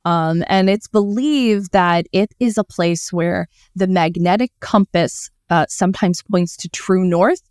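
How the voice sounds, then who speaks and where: A woman co-hosting a casual podcast, telling a mystery story in a chatty way. Her voice is low and smooth, with a lot of "um" and small restarts. The sound is close and dry, with no room around it. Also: unhurried, few pauses, a little mellow, no echo. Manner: chatty, many fillers and self-corrections. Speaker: podcast co-host.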